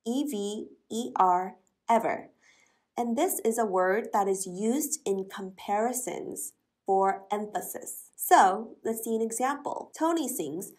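A woman gives an English lesson in a voice on the high side, speaking slowly and clearly and spelling words out one letter at a time.

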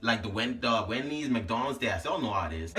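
Fast, bright-voiced man telling a story. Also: mid-range voice, distant mic. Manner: slangy, animated, keeps saying "you know what I'm saying". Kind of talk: casual storytime.

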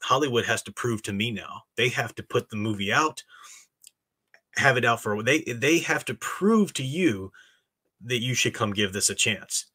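A man's voice: medium pitch, expressive, normal speed, bright, forceful tone, husky. A man hosting a live stream, talking casually and reading chat messages. He rambles with many restarts and gives blunt opinions.

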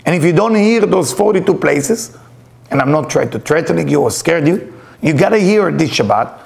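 A middle-aged man lectures as a spiritual teacher, telling personal stories and acting out the voices in them. His English carries non-native grammar. His voice sits a little high and has a gravelly rasp. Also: lively intonation, normal speed, darkish tone. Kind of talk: storytelling lecture.

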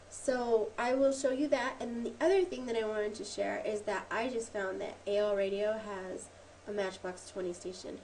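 Her mid-range voice holds a steady tone at a moderate pace with few pauses, over background noise. Hosting a casual craft video, she rambles chattily, ums often, corrects herself, and sniffles a little from a cold.

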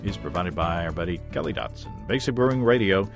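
A man's voice: low-pitched, animated, a little fast, creaky, over music. A man hosting a homebrewing podcast, closing the episode with thanks and sponsor reads in an easygoing, folksy way. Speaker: podcast host.

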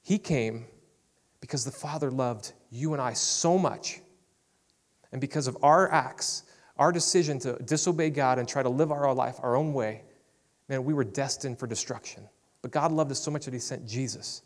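Male pastor, mid-pitched, easygoing conversational sermon, long reverb of a big hall. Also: moderate pace. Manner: casual, conversational preaching with frequent "man" and "I love".

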